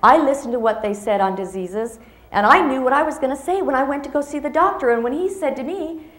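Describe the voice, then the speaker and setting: Expressive woman in her fifties, echoey room. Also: high voice, brisk. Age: 50s. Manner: expressive storytelling, acting out dialogue. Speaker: motivational speaker. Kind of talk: personal story speech to an audience.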